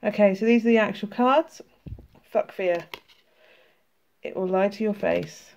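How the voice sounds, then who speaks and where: Her medium-pitched voice is darkish with vocal fry, a little slow, and missing its highs, and her throat is sore. This tarot and oracle card vlogger from the United Kingdom is a British woman who chats casually, laughs, and swears freely while reading oracle cards aloud in a flip-through.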